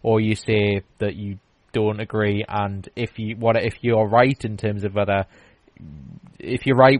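A man's voice: fairly low pitch, no room sound, poor audio. A man hosting a podcast, chatting casually and rambling through stories with lots of restarts and fillers. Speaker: podcast host. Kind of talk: casual chat.

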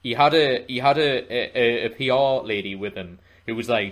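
A man's voice: mid-range voice, steady tone, moderate pace, a bit bright. A man co-hosting a podcast, telling stories in casual chat with plenty of fillers and restarts. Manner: rambling, self-correcting storyteller with frequent fillers. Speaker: podcast co-host.

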